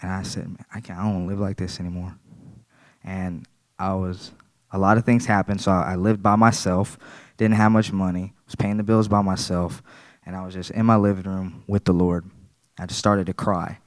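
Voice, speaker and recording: A man's voice: sits low, level tone, moderate pace, no echo. A man giving a personal church testimony, earnest and plain-spoken, repeating his phrases.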